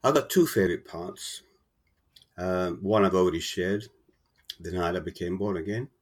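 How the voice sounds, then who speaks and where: A man with a very low, husky voice who speaks haltingly and earnestly. He often repeats words as he tells an emotional personal story. He sounds like a guest on an interview. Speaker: author guest. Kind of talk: casual interview, personal testimony.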